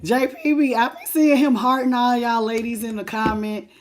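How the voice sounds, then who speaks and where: A woman with a hoarse, laryngitis-worn voice hosting a live tarot stream, chatting casually and familiarly with viewers and calling them baby and boo. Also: a little high, steady tone, background noise. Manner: unhurried and chatty, laughing often.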